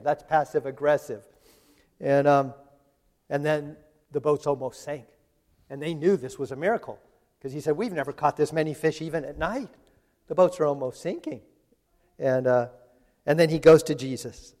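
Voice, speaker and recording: A man's voice: a little high, normal speed, a little mellow. A man preaching a sermon in a chatty, conversational way, retelling scripture in everyday voices. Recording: long hall reverb.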